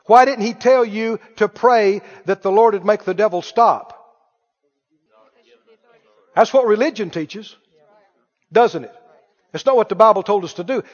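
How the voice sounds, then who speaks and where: A man preaching a sermon, emphatic, firing questions at the congregation. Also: high-pitched. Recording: muffled hall recording with long reverb.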